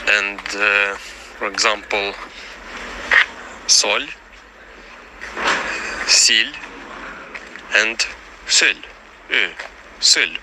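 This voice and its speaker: A man explaining how a village dialect is pronounced, speaking English as a with as his first, halting often with fillers and pauses. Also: lowish voice, creaky, background noise. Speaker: language informant.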